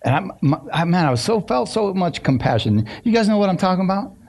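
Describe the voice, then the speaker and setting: A middle-aged pastor preaching a sermon in a conversational, storytelling way, often asking the congregation questions. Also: male voice, high-pitched, big pitch swings, fast, gravelly, darkish tone, slightly rough. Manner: conversational, asks the congregation questions, many restarts. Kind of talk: sermon with personal stories.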